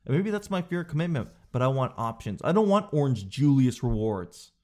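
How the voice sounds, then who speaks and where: A young man hosting a show, telling a comedic story and acting out store clerks in a high voice and his own answers low and slow. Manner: drops low and slow to demonstrate a flat no. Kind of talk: comedic monologue.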